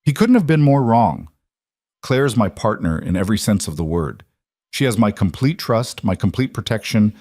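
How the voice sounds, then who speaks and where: A man voicing a cold, controlled male mafia boss who speaks quietly and with menace. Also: on the low side, no echo, studio quality. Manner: quiet and deadly.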